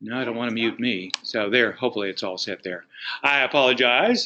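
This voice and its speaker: A man teaching real estate agents on a training call, talking quickly and then slowing down to stress his points. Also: mid-range voice, animated, pushed and bright, highs cut off, slight background noise. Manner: rapid talker who slows at times for emphasis; explanatory, coaching tone.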